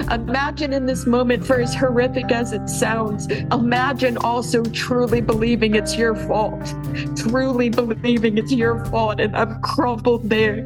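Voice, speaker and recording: A woman telling her own story of a painful relationship, halting and emotional, with frequent restarts. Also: fairly high pitch, low-quality recording. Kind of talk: personal testimony.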